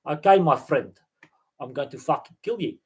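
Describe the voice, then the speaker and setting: A man's voice: a little high, lively intonation, moderate pace, a little mellow, husky. A man voicing a swaggering, bragging South African rugby fan in a thick mock South African accent.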